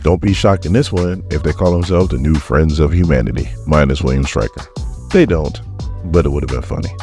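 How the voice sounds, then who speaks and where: A man's voice: rumbling low, a little fast, dark tone, faint music behind. A man hosting a casual comic book recap vlog, chatty and jokey, acting out the characters' lines as he goes. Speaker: comic book reviewer and channel host.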